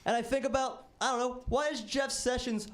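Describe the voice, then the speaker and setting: A man's voice: very high-pitched, fairly even intonation, a little fast. Twenties guy doing standup, rambly self-deprecating stories, club stage. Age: 20s. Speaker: stand-up comedian. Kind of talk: stand-up comedy set.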